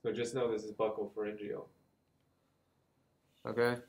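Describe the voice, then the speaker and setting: A man's voice: lowish voice, flat delivery, moderate pace, a little mellow, poor audio. A man giving an anatomy lesson, explaining as he draws, with frequent ums and small self-corrections. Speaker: anatomy lecturer. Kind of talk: drawing-board anatomy lesson.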